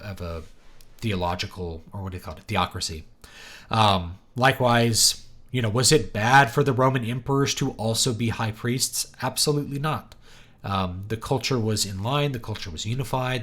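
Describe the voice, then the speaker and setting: A man hosting a writing livestream, answering chat questions in a halting, thinking-aloud way with many pauses. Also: on the low side, a bit bright.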